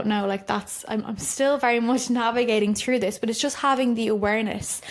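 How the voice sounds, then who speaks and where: A woman's voice: medium pitch, fairly even intonation, normal speed. Reflective woman hosting a podcast. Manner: reflective, conversational, gentle self-disclosure. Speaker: podcast host. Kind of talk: solo podcast monologue.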